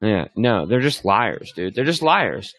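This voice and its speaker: A young man hosts a casual stream, talking crudely and heatedly. His pitch leaps up and down as he rambles, and the recording is dry and close with no room sound. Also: big pitch swings, unhurried, dry recording, rough recording. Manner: crude, heated, rambling, swings between loud and muttered. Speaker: host. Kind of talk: profane casual rant.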